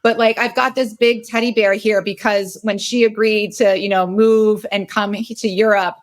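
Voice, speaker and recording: A woman's voice: mid-range voice, fairly even intonation, normal speed. A woman in her forties hosting a podcast, telling a personal story in a candid, emotional, rambling way, and sounding very tired. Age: 40s. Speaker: podcast host.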